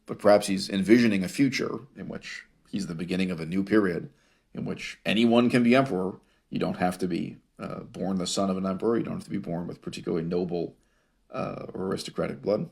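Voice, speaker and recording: Gravelly, wry male history lecturer. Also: lowish voice, a little mellow. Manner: wry, laughs at his own source readings; rhetorical questions, drawn-out emphasis. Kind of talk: lecture reading and commenting on sources.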